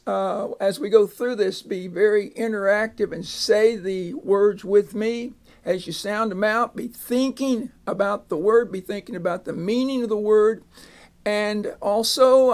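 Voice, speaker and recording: Man, reading teacher, patient phonics lesson, gravelly, slow delivery. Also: high voice. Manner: patient, sounds out words and repeats them.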